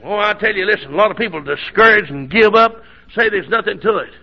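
A high, husky voice from a middle-aged preacher nursing a sore throat, gravelly at the edges as he spins a homespun story. He swings from hushed drawl to hollering praise. The recording is dull and lo-fi. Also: expressive, fast. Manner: folksy, building to hollering. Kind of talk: sermon storytelling.

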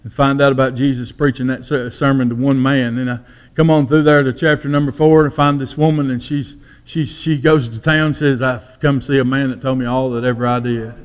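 A man giving his testimony as a sermon, in a folksy storytelling manner that drops to a hush for quoted thoughts. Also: mid-range voice, steady tone, a little fast.

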